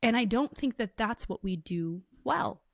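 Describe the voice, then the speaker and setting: A woman hosting a faith podcast, telling personal stories with animated acted-out quotes in a casual chat. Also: a little high, measured pace, gravelly, no room sound, studio quality. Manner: animated storytelling, acts out quotes in lively voices. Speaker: podcast host.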